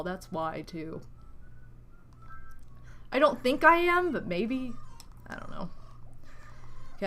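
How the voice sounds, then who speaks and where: A woman streamer chats on in a bright, sharp-toned voice that sits a little high, rambling cheerfully to her viewers. She is talking around a dental retainer. Faint game music plays under her. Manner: chatty and rambling, greeting viewers, upbeat. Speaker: streamer playing a video game. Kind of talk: casual live-stream chat.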